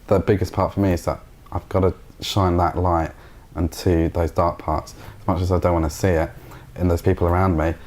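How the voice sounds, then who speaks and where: A man's voice: low voice, level tone, fairly quick, a little mellow. A man speaking as a guest in a casual spiritual conversation, reflective and thoughtful.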